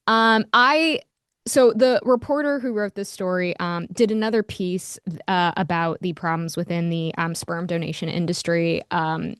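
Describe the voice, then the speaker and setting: A woman's voice: mid-range voice, moderate pace, a bit bright, clean tone, no room sound. Woman podcaster, casual and fired up, blunt, dry close sound. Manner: heated, frank, swears, lots of "like". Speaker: podcast host. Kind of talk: casual monologue.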